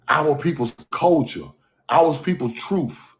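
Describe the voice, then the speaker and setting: A man ranting loudly on a livestream from home, swearing, repeating "bro" and laughing between points. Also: sits high, lively intonation, normal speed. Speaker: livestream host. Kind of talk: heated livestream rant.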